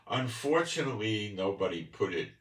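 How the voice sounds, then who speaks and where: A man's voice: fairly low pitch, sing-song, normal speed, fairly bright tone. A man with a New York accent giving a folksy bible teaching monologue. He keeps checking in with his listeners. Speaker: channel host. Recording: roomy, distant mic with faint ambience.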